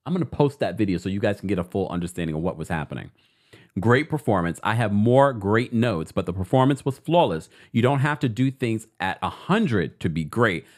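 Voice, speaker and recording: A man hosting an entertainment commentary channel, reading out social posts and reacting to them in a casual, animated way. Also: on the low side, brisk. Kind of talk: casual commentary with a sponsor read.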